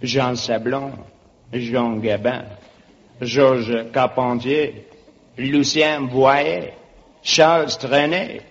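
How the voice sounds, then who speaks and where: A man playing a suave French crooner who speaks slowly and softly, on an old radio broadcast. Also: medium pitch, steady tone, pitched below the performer's own voice. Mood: dreamy. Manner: slow, soft, dreamy. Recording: dull old radio broadcast with hiss and theater reverb.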